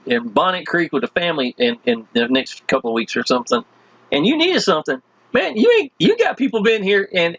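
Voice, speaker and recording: A high-voiced man with a husky edge, whose pitch swoops up and down as he pitches with folksy enthusiasm. The sound is dry and close, with no room echo, but a little dull and lo-fi. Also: fairly bright tone. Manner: folksy and enthusiastic, constantly addressing listeners as "y'all". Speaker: online marketing promoter. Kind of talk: casual sales pitch walking through web pages.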